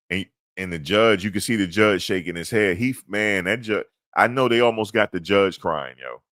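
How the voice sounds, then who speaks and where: A man recapping events in a casual, animated storytelling manner, slangy and repetitive. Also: low voice, moderate pace, dry recording, studio quality. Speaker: commentator recapping a court hearing.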